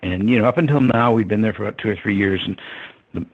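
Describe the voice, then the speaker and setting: Older guy reminiscing in an interview, deep raspy voice, kinda muffled sound. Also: quick pace. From United States. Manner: reflective, with many ums and soft laughs. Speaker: interview guest. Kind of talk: storytelling in conversation. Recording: dull lo-fi sound.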